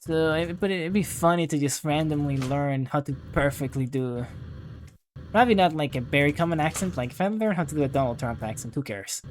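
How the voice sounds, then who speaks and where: Young adult gaming host, casual play-along commentary, rambling and self-deprecating, leans on "like", mid-pitched voice with a faint hiss behind. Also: brisk.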